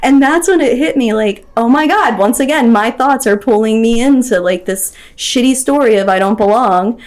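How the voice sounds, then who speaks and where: Woman, 30s, podcast guest; candid, chatty personal storytelling. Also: a little mellow. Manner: chatty, quick, acts out remembered dialogue in a higher voice.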